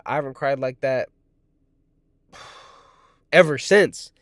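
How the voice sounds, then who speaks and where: A man's voice: medium pitch, slow pace, a bit bright, no echo. A man in his twenties telling a personal story in a casual, rambling way, swearing constantly and often correcting himself. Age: 20s. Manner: profane, rambling, frequent swearing; restarts and self-corrections.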